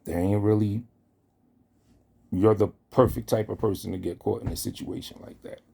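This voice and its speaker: A man's voice: lowish voice, steady tone, normal speed, creaky, warm tone. A man delivering a heated, profane callout rant, speaking straight at the person he confronts. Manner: confrontational, profane, addresses target directly. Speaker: online commentator.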